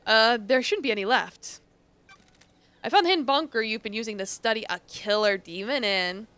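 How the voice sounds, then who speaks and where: A woman's voice: on the high side, moderate pace, a bit bright. A woman streaming a game, reading its dialogue aloud and adding casual, swearing asides.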